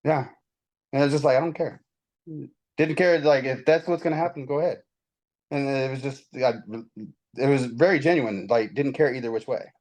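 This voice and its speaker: A man in casual spiritual conversation, telling his story in a rambling, animated way with many restarts. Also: mid-range voice, normal speed, rough recording. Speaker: guest.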